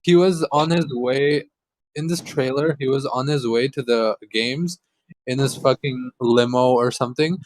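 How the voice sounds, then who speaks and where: A man's voice: medium pitch, a little slow, a little hiss or hum. A young man co-hosting a podcast in casual chat, telling a story with lots of swearing and laughter. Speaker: podcast co-host.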